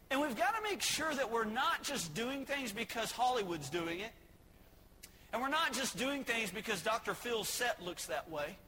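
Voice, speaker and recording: A man's voice: extremely high pitch, pushed and bright, big-room sound, slight background noise, low-quality recording. A man preaching a sermon as pastor, folksy and joking as he tells stories between points. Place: church sanctuary.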